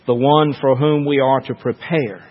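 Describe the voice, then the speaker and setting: A man preaching a sermon as a pastor, slow and measured, with dramatic pauses. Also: medium pitch, steady tone, big-room sound, dull audio.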